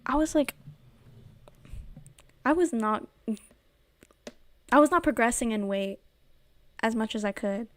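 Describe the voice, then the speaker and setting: A woman's voice: on the high side, animated, measured pace, pauses often, no room sound. A woman chatting casually and giggling as she answers viewer questions on a stream. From United States. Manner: giggly, chatty, reads chat questions aloud. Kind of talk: casual chat. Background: quiet background game music.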